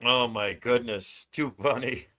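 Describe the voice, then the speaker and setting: A man's voice: mid-range voice, takes it slowly, sharp tone. A man hosting a casual livestream, ranting with lots of swearing and frequent laughter. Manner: profane ranting, laughs often. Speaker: livestream host.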